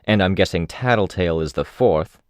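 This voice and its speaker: A man's voice: deep voice, moderate pace, no room sound, close to an everyday voice. A man doing a harsh, hostile team leader. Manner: harsh, confrontational. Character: hostile metal-skinned young man leading a team.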